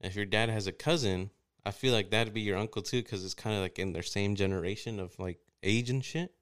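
A man's voice: fairly low pitch, brisk, a bit bright, clean tone. A man in casual chat as a co-host, talking in a loose, joking and profane way.

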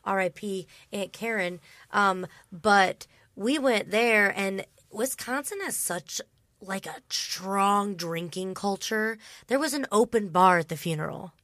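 A woman's voice: medium pitch, slow, fairly bright tone, no room sound, studio quality. A woman co-hosting a podcast live stream, a chatty storyteller who laughs often in casual talk. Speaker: podcast co-host.

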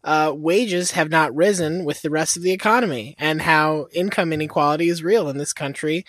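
A man's voice: a little high, moderate pace, fairly bright tone, dry recording. A man co-hosting a comedic podcast, speaking in a mock-serious, sarcastic way. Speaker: podcast co-host.

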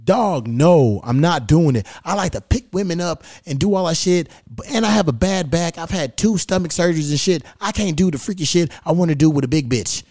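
A man's voice: fairly high pitch, expressive, fairly quick, few pauses, darkish tone, no room sound, studio quality. A man hosting a podcast, talking casually and venting in a blunt, profane, frustrated way into a stand microphone. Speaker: podcast host.

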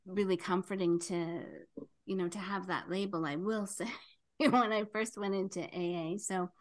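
A woman's voice: mid-range voice, fairly even intonation, normal speed. An older woman, a podcast guest, telling a story in casual chat, full of fillers and laughing as she goes.

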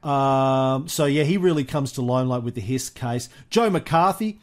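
A man's voice: mid-range voice, normal speed. A man hosting a history podcast, telling the story in a chatty, casual way with frequent fillers and easy laughs. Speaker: podcast host.

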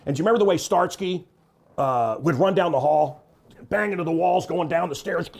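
A man's voice: a little high, fairly quick, gravelly. A middle-aged man from Missouri doing a jokey, ranting comedy monologue straight to the audience, full of wry asides. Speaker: comedian host. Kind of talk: stand-up style monologue to camera.

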